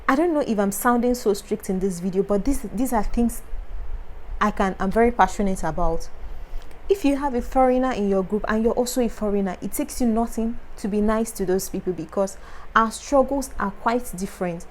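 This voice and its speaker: A woman's voice: medium pitch, fairly quick, a little hiss or hum, low-quality recording. Passionate Nigerian woman giving advice. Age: young adult. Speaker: foreign medical student vlogger. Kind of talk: advice talk to camera.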